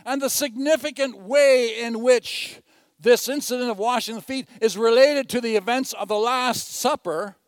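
A man preaching with a fairly high voice, earnest and dynamic. He rises to loud, stressed phrases and drops to near-hushed asides, restarting phrases as he teaches. The sound is dry and close, with no room echo. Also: normal speed. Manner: earnest, swings from loud emphasis to quiet asides. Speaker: pastor. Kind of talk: sermon.

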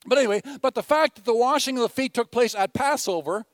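A man preaching a sermon, earnestly swinging between loud emphatic lines and quiet, hushed asides, often repeating phrases as he teaches. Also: extremely high pitch, fast talker, dry recording, studio quality. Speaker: pastor.

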